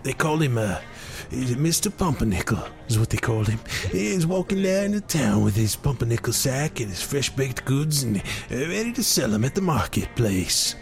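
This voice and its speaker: Man spinning a rambling tall tale, lively pitch, gravelly fry, lots of fillers, faint music behind. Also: normal speed. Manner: meandering, many uh fillers. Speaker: storyteller.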